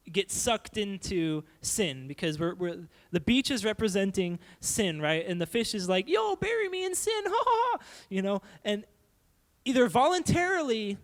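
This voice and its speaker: A young man giving a playful, animated youth sermon, acting out silly voices as he goes. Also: high voice. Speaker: youth pastor.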